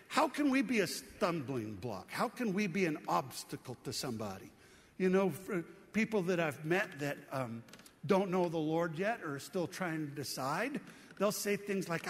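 A middle-aged male pastor giving an earnest, conversational sermon in a church, asking the congregation rhetorical questions. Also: high-pitched. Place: church sanctuary. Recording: long reverb from a hall.

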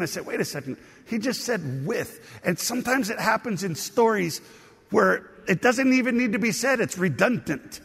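A man delivers a sermon in a relaxed, conversational teaching voice that rises into emphasis on key words. His voice is slightly high for a man, with a husky, gravelly grain. The sound rings through a church with a long hall reverb. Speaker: pastor.

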